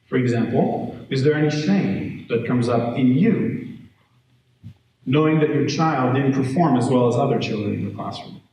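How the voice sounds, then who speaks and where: Male educator addressing parents live; lively storytelling, recorded from afar in a reverberant room with faint hiss. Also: medium pitch, normal speed. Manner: conversational, animated storytelling with audience check-ins. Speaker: educator giving a parenting talk. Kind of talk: live workshop talk to parents. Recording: echoey room, distant mic, faint noise.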